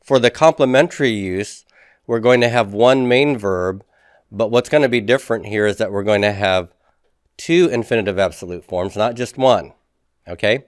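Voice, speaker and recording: A man teaching a recorded grammar lecture, explaining step by step, spelling out Hebrew words slowly and often asking "okay?" to check in. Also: on the low side, no echo, clean studio sound.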